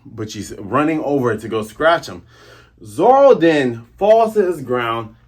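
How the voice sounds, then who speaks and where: A man hosting a casual manga chapter review, excitable and acting out scenes as he goes. His voice is husky and a little breathy. His pitch swings widely and lively. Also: measured pace. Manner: animated, excitable, acts out scenes.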